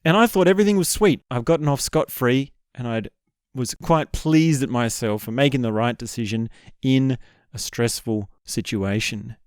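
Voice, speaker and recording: A man's voice: medium pitch, normal speed, clear, resonant tone, dry recording, clean studio sound. A man hosting a podcast, telling an embarrassing personal story in a candid, self-deprecating way. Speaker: podcast host. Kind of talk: storytelling monologue.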